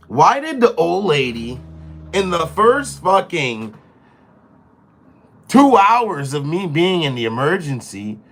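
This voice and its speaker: A young man casually telling a story on his live stream, profane and animated, slipping into quoted voices. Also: a little high, slow, pauses often. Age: young adult.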